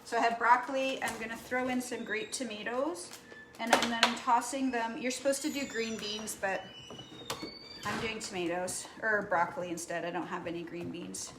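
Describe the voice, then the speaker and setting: A woman's voice: fairly high pitch, steady tone, normal speed, echoey room, very noisy. A woman talking casually to the camera while cooking, rambling and chatty, often asking "right?". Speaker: cooking vlogger. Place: kitchen. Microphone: camera mic.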